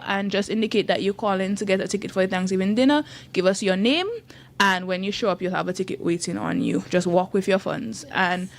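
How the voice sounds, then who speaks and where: A woman, a youth group leader chatting on a radio show in an upbeat, laughing way. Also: medium pitch. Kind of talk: casual radio chat promoting an event. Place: radio studio.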